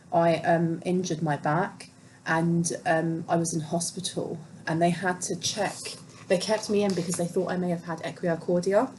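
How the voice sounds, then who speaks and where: A woman's voice: on the low side, a little mellow, a little hiss or hum, low-quality recording. Chatty woman giving a tarot reading. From Britain. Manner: chatty and rambling, reports channeled messages, many ums and restarts. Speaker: tarot reader. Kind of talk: casual spiritual reading to camera. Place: home room with windows open by a busy road.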